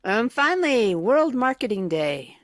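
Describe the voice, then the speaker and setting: A woman's voice: on the high side, sing-song, measured pace, dry recording, studio quality. A woman co-hosting a morning radio show, talking casually with many ums and a wry humor. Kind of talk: casual on-air banter.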